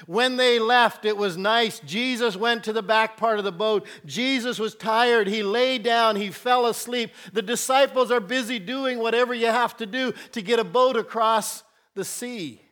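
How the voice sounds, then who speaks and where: A man preaching a sermon as pastor, telling a Bible story earnestly and shifting between soft and loud emphasis. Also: very high voice, normal speed, few pauses.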